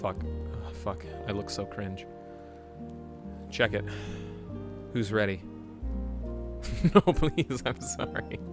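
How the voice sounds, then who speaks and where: A young adult man streaming a game, chatting playfully with his viewers and breaking into sudden loud shouts. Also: lowish voice, steady tone, very slow, long pauses, music in the background. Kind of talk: casual live-stream chat.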